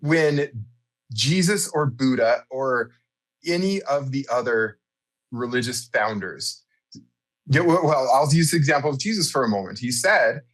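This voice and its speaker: Being interviewed on a podcast, a man who founded a church reflects thoughtfully at length. He speaks a little slowly in an animated, medium-pitched voice with a somewhat bright tone.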